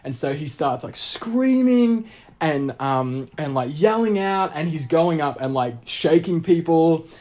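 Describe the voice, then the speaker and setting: A man from Australia, telling a travel story in casual chat, animated and rambling with lots of fillers and restarts. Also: fairly high pitch, measured pace. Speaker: guest storyteller.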